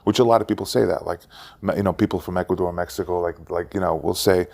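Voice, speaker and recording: A man's voice: sits low, fairly even intonation, fast talker, gravelly, darkish tone. A young man co-hosting a casual podcast, joking and rambling with many fillers. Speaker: podcast co-host. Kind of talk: casual chat.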